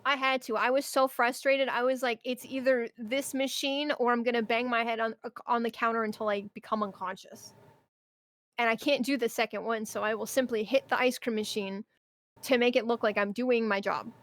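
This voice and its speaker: Animated, foul-mouthed young woman streamer ranting. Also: on the high side, moderate pace, dry recording. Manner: animated, swears often, rants with mock outbursts. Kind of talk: casual chat.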